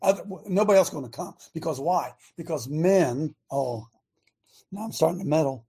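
A man hosting a radio talk show, preaching in an emphatic way with rhetorical questions and drawn-out key words. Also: a little high, expressive, creaky, dark tone, slightly rough.

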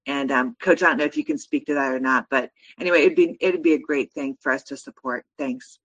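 A woman's voice: a bass voice, a little fast, a bit bright, dry recording. Female panelist, hesitant and casual, on dull call audio. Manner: hesitant, filler-heavy. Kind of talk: casual announcement.

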